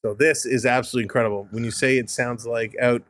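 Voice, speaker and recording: A man's voice: medium pitch, steady tone, fast, a bit bright, no room sound. A man with a Canadian accent hosting a live hockey stream, calling the play-by-play and greeting chatters by name. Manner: upbeat, greets chatters by name between game calls.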